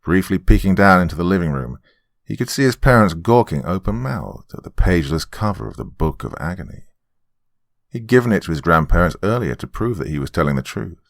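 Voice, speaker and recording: Super low creaky guy reading a spooky story, animated delivery. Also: fairly quick, no echo, clean studio sound. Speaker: host and narrator. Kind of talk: horror story narration.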